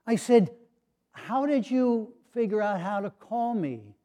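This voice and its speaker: A retired older pastor delivers his sermon in a high, mellow voice. He tells stories with gentle humor and puts on voices for the people he quotes. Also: animated, measured pace.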